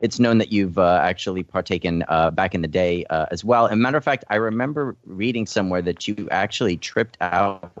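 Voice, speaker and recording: A man's voice: sits low, brisk, hardly any pauses, no echo, lo-fi sound. A man hosting a podcast, asking a guest a long question with hesitant fillers. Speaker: podcast host. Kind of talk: interview questions.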